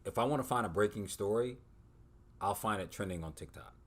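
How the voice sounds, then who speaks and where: A man with a low voice chats as a guest on a podcast. His tone stays bright despite the depth. He takes his time and fills pauses with ums and uhs. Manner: relaxed, hesitant, many ums and uhs. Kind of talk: casual chat.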